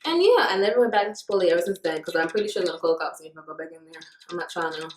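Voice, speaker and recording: A woman's voice: fairly low pitch, racing. A young woman in college casually telling a story to camera, swearing freely and acting out what people said. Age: young adult. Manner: animated, profane, acts out quoted lines. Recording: echoey room with faint noise.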